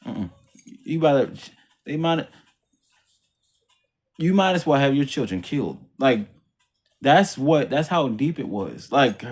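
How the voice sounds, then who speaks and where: A man's voice: medium pitch, darkish tone. A man telling his life story as a religious testimony in a casual, rambling, repetitive way. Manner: rambling, repetitive, emphatic retelling; religious language. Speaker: vlogger sharing a personal testimony.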